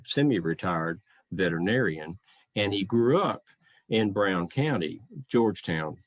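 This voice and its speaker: A middle-aged man with a low, deep voice tells a folksy, anecdotal story as a living historian, often quoting what others said to him. The sound is close and dry, with no room echo. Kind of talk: storytelling talk.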